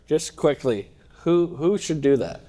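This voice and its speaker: A man's voice: fairly high pitch, expressive, unhurried, dark tone. A man moderating a conference panel, giving brief, upbeat prompts to the speakers.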